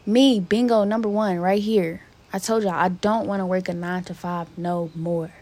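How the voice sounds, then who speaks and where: A woman's voice: fairly low pitch, fairly even intonation, moderate pace, darkish tone. A young woman hosting her own podcast, speaking in a candid, profane, emotionally raw solo vent to her listeners. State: emotionally hurt, near tears. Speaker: podcast host. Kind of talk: casual solo podcast venting.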